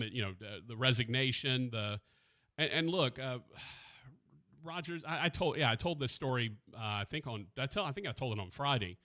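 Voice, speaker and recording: A man hosting a sports radio show, talking haltingly and with grief, searching for his words, close to a studio mic. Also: mid-range voice, bright, forceful tone. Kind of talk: emotional radio talk. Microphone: studio microphone.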